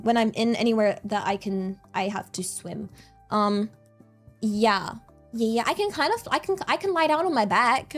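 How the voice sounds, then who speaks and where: A young woman streaming and chatting casually, rambling and giggly, often repeating herself. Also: a little high. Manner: giggly, rambling, repeats words, easily excited. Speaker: vtuber streamer.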